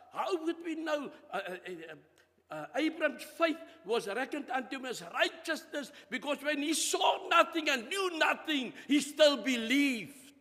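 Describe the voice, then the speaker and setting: High-voiced preacher guy, swoops up and down a lot, church hall echo. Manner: animated, emphatic preaching with dramatic pitch swings. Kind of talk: sermon.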